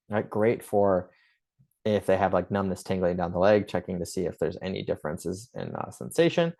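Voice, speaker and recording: A man teaching a few Spanish phrases for patient exams, in a loose, chatty way, slowing down to say each phrase carefully. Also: deep voice, sing-song, gravelly, darkish tone. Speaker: chiropractor teaching clinic Spanish. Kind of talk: casual instructional talk.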